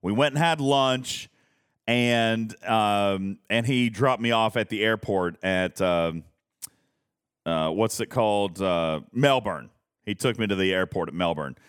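A man's voice: fairly low pitch, measured pace, smooth, dry recording, studio quality. A man hosting a casual live stream, rambling, laughing often and reading chat messages aloud. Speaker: streamer host.

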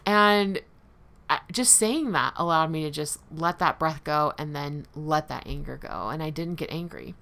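A woman's voice: low-pitched, animated, normal speed, bright, forceful tone. A woman hosting a personal recovery talk, speaking candidly and conversationally, often laughing lightly at herself.

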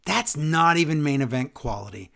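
A man's voice: on the high side, lively intonation, normal speed, gravelly, a bit bright. A man co-hosting a podcast, ranting sarcastically in a casual wrestling recap. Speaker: podcast co-host.

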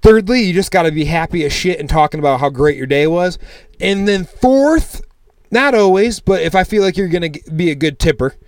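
A man co-hosting a casual podcast, telling lively stories in a loose way, swearing freely and acting out the people he meets. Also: high-pitched, a little fast, dry recording. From United States. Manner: animated storyteller, swears freely, acts out customers. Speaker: podcast co-host. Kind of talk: casual chat.

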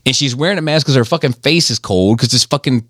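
A man in casual podcast chat, an animated storyteller who swears freely. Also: mid-range voice, quick pace, no echo, studio quality.

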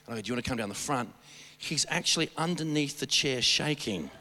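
A man preaching a sermon, telling stories in an animated, rambling way with many restarts. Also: mid-range voice, fast talker, big-room sound. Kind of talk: storytelling sermon.

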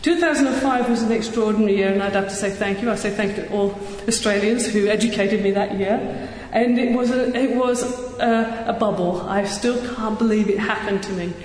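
A woman giving an earnest, energetic public talk as a surgeon, with touches of self-deprecating humor. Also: medium pitch, fairly quick, few pauses, slight background noise. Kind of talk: public speech. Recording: echoey hall with long reverb.

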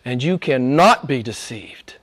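Speaking at a medium pitch, a little slowly and with plenty of expression, a pastor delivers a sermon. He alternates between near-whispered, hushed moments and loud, emphatic stretches.

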